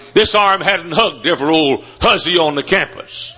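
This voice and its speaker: A man's voice: fairly high pitch, normal speed, pushed and bright. A man preaching a sermon from a pulpit in a college chapel, telling folksy stories and then driving hard at his points. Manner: folksy storytelling, rising to emphatic preaching. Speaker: Baptist preacher. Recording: dull lo-fi recording.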